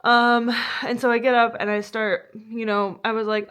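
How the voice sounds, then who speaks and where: A woman's voice: fairly high pitch, little pitch movement, normal speed, few pauses, fairly bright tone, smooth. A young woman vlogging about a painful breakup, tearful and rambling, with lots of fillers and swearing. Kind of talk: emotional personal vlog.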